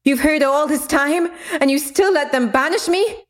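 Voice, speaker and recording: A woman's voice: high-pitched, moderate pace, pitched above the performer's own voice, close to an everyday voice. A woman voicing a furious, vengeful young woman who turns on her brother. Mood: betrayed. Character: enraged vengeful young woman, a fallen sister.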